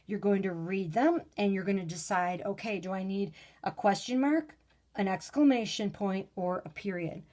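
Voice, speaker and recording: A woman teaching a recorded grade-school lesson, patient and clear, sometimes reading example sentences with lively exclamations. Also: mid-range voice, normal speed. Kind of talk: recorded video lesson for children.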